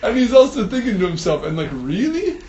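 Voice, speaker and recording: A man telling a spiritual story in an animated way, laughing often and using many fillers. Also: high voice, fast talker, echoey room, dull audio, a little hiss or hum. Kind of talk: storytelling talk.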